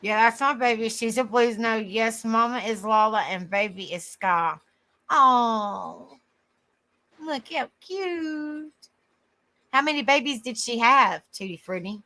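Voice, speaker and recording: A woman's voice: on the high side, unhurried, pushed and bright. A woman hosting a casual live stream, affectionate with viewers, exclaiming often and laughing easily. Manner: affectionate, calls viewers honey and sweetheart.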